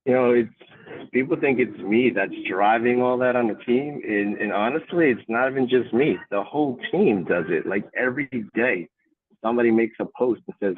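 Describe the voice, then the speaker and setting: A man running coach telling stories in an interview, animated and acting out what others say. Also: mid-range voice, moderate pace, husky, no echo. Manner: animated storytelling, acting out quotes. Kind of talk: casual interview answer. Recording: tinny phone-like line.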